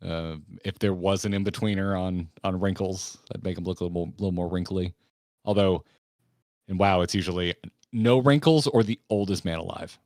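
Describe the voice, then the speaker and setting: A man with a fairly low voice co-hosts a podcast in casual chat. He tells relaxed anecdotes and acts out the quotes. The sound is dry and close. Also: normal speed, no echo. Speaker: podcast host.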